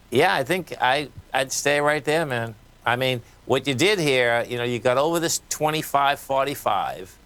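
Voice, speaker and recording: A man's voice: mid-range voice, a bit bright. Boston man calling markets on air. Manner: casual, folksy, talks while reading charts. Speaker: radio show host. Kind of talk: live market commentary.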